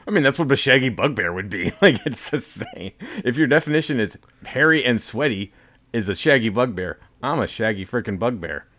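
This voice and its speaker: A man's voice: medium pitch, expressive, brisk. A middle-aged man co-hosting a podcast, rambling and poking fun at himself in casual banter. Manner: self-deprecating, rambling, drops into soft mumbles. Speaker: podcast co-host.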